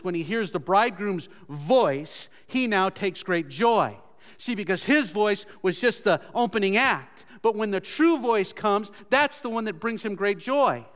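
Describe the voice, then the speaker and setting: A man preaching a sermon earnestly, his pitch and loudness swinging as he repeats words for emphasis. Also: big-room sound. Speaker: pastor.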